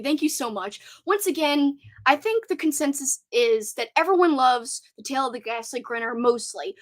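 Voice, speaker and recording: A young woman hosting a casual live stream, chatting excitedly and reading out viewer comments. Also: sits high.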